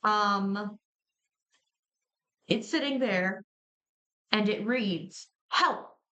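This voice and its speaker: A woman's voice: a little high, fairly bright tone, low-quality recording. Woman game master narrating a tabletop game. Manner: descriptive, measured narration with small restarts.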